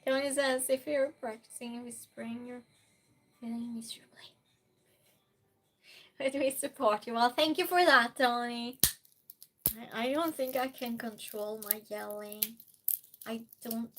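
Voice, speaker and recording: Slow bright-voiced woman streamer. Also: on the high side, steady tone. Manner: reads chat aloud, slow and chatty, swings between loud outbursts and soft near-whispers. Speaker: streamer hosting a quiz game. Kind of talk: casual live-stream chat.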